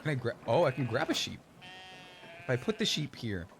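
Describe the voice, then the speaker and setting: Male streamer at mid pitch, loose and jokey play-by-play with a faint hiss behind. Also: very animated, fairly quick, vocal fry. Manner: rambling, jokey, talks to game characters. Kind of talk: casual gameplay commentary.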